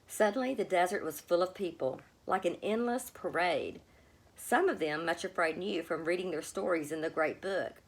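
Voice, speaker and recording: A woman reading a children's storybook aloud, with a gentle, expressive manner. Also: fairly low pitch, moderate pace. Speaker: storybook reader. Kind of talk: storybook read-aloud narration.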